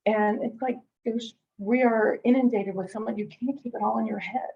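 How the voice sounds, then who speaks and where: A woman's voice: fairly high pitch, steady tone, fairly quick, highs cut off. A middle-aged woman giving a conversational real estate training, chatty, full of restarts, acting out what callers say. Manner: chatty, repeats and restarts, acts out quoted callers.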